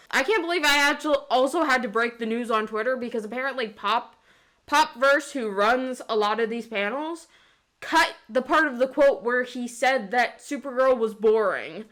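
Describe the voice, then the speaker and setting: A woman's voice: a little high, moderate pace, fairly bright tone. A young woman ranting about comics in a casual vlog, heated and full of swearing and fillers. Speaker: comics vlogger. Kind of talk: casual rant.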